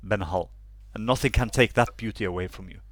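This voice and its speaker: A man voicing a gentle, devoted female elf priestess who speaks softly and soothingly. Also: on the low side, fairly quick. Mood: tender. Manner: soft, soothing.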